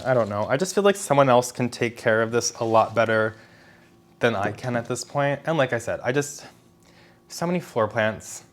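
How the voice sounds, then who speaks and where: Rambling man, chatty and a bit deep. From Philadelphia area. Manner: rambling and self-correcting, with small laughs. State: out of breath. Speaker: plant vlogger. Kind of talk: casual chat to camera. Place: home apartment indoors.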